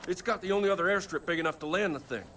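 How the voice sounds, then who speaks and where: A desperate pilot from a video game, pleading and swearing as he begs for help. His voice is high and bright. Faint noise hums behind him. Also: racing. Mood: subdued pleading. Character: desperate young father, frantic pilot.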